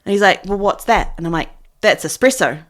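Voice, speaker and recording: A woman co-hosting a podcast, chatting casually and acting out what people said in an animated way. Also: medium pitch, fairly quick. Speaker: podcast co-host. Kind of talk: casual chat.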